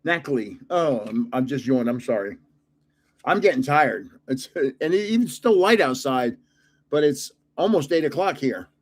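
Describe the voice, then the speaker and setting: A man's voice: mid-range voice, expressive, moderate pace, slightly rough. An older man hosting his own channel, chatting casually while opening card packs and chuckling at his own guesses. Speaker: card-collecting channel host. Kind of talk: casual pack-opening chat.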